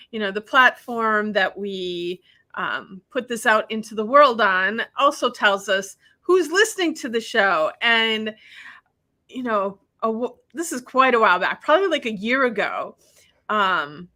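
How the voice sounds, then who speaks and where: Podcast host, woman, bright and slightly high voice, loose rambling chat. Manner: chatty and rambling, with fillers and asides.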